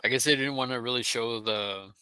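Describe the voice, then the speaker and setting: A man chatting along during a watch-party stream, relaxed and hesitant with frequent restarts. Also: mid-range voice, fairly quick, clean tone, no room sound. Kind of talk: casual live-stream commentary.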